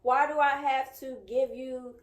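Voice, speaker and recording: Thirty-something woman, frank and emphatic, kinda high voice, echoey room. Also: flat delivery, a little slow. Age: 30s. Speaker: podcast co-host. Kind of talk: casual chat.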